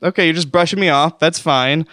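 A man's voice: on the high side, fairly quick, pushed and bright, no echo, clean studio sound. A man hosting a comedic call-in show, talking in a rambling, self-deprecating, mock-wounded way.

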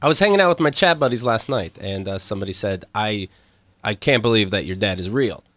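A man's voice: on the low side, animated, a little fast, a bit bright, no room sound. A man co-hosting a casual comedy podcast, telling anecdotes and mimicking his father. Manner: storytelling, mimics his dad, laughs often. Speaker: podcast co-host.

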